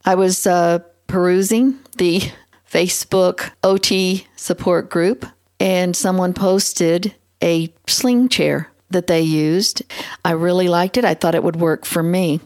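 A woman's voice: on the low side, takes it slowly. Earnest middle-aged woman telling her story. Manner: earnest and expressive, often speeding up. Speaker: podcast host. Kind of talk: personal storytelling monologue.

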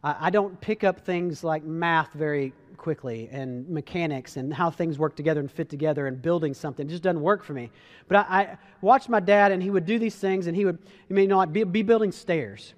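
Brief: a high-pitched man speaking to a crowd, earnest and chatty, often restarting his sentences. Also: brisk. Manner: earnest, conversational, frequent restarts, addresses listeners as guys. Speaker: speaker giving a motivational talk. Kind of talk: earnest storytelling talk to an audience.

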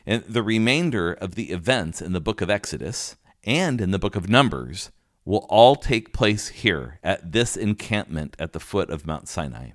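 A man preaching a sermon, calmly explaining a Bible passage verse by verse, with occasional restarts and fillers. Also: deep voice, normal speed, no echo, clean studio sound. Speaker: pastor.

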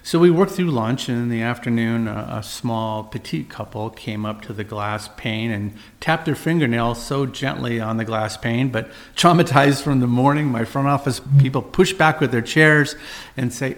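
A middle-aged man, a physician and host, telling a personal story in an earnest, measured way with frequent uhs and restarts. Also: mid-range voice.

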